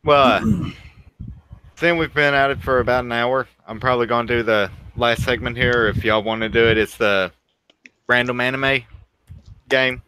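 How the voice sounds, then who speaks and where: A man hosting a casual podcast, laying out the rules of a segment in a relaxed way. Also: medium pitch, normal speed, clear, resonant tone, poor audio. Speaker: podcast host. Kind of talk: casual chat.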